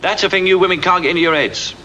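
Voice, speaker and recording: A man's voice: sits high, steady tone, fast talker, pushed and bright, slight background noise. An actor playing a cocky young London womanizer with a Cockney accent, chatting breezily to the audience in a 1960s film. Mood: cheeky. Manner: breezy, confiding asides to the audience.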